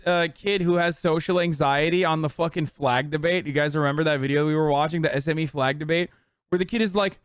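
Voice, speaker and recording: A man's voice: a little high, dry recording, clean studio sound. A man in his thirties ranting and mocking in profane, casual live-stream commentary.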